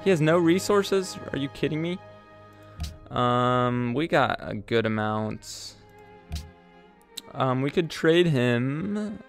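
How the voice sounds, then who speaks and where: A man's voice: mid-range voice, lively intonation, takes it slowly, creaky, long pauses. A man hosting a let's play, talking through his game in a rambling, hesitant way with many ums and self-corrections. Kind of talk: casual gameplay commentary. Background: faint game music.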